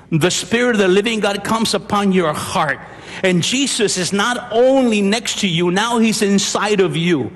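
An older man preaching a sermon as pastor, emphatic and animated, asking rhetorical questions. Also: sits high. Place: church. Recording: long hall reverb.

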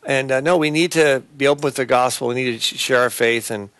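A man hosting a Christian talk show and preaching, speaking in a halting way with many fillers and restarts. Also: mid-range voice, a bit bright, dry recording.

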